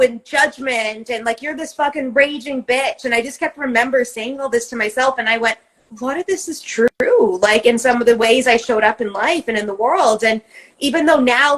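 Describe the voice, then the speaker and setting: Podcast lady, kinda high voice, blunt, swears a lot, acts out her own inner voices. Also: fairly bright tone, rough recording. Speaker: podcast co-host. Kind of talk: casual chat.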